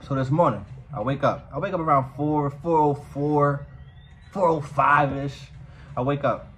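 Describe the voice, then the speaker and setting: Profane, animated man telling a story. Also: a little high, unhurried, slight background noise, rough recording. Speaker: vlogger. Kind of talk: casual storytime vlog.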